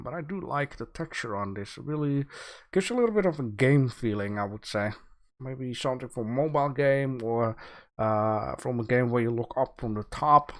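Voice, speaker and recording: Casual man reviewing entries on a livestream. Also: mid-range voice. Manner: relaxed, filler-heavy, thinking aloud while reviewing. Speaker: livestream host giving art feedback.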